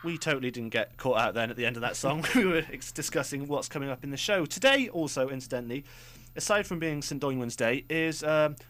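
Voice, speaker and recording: Young male radio co-host, jokey and rambling, plain middle pitch. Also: expressive, a little fast, hardly any pauses, fairly bright tone. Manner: jokey, rambling, self-mocking. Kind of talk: casual student radio banter. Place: radio studio.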